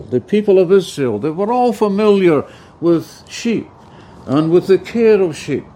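High-voiced earnest male preacher. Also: warm tone. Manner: earnest, emphatic, repeats key phrases. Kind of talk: evangelistic sermon.

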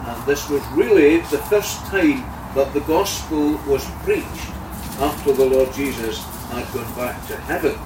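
Earnest preacher in an echoey hall. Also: male voice, mid-range voice, a little hiss or hum. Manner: earnest, swells loudly on key words. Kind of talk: sermon. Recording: echoey room heard from a distance.

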